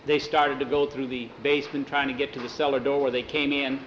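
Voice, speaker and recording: A man's voice: medium pitch, flat delivery, brisk, fairly bright tone, roomy sound, dull audio, slight background noise. A man telling a spooky story aloud, casually repeating "he says" between quotes. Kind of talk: oral storytelling.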